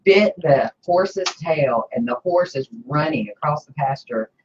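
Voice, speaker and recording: Higher-voiced man co-host, reactive, casual; muffled lo-fi recording, faint hiss. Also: animated, unhurried. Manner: reactive, short comments and laughs. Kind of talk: casual chat. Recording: dull lo-fi with faint noise.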